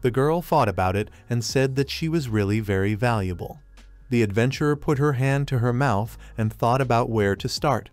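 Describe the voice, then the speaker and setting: A man narrating a manga recap in a flat, retelling manner, recounting each scene in reported speech. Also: medium pitch, normal speed, no echo. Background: faint music.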